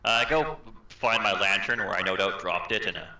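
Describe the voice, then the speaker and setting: Bright-toned man in an echoey room. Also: on the low side, expressive, a little fast. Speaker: player. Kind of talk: casual tabletop play.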